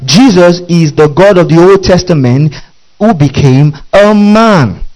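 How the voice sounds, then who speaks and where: A man's voice: high-pitched, animated, a little slow, a little mellow, low-quality recording. A man preaching a sermon as pastor, emphatic, often checking that his listeners follow and adding hallelujah and amen. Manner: repeats questions to the congregation, emphatic.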